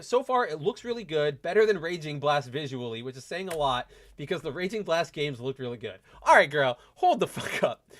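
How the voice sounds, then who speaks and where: This is a man hosting a loose gaming livestream, his voice sitting a little high for a man. He rambles and stammers through restarts while reacting to viewer comments. He talks like an eager fan and swears casually. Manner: excitable, fan-like. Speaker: podcast host.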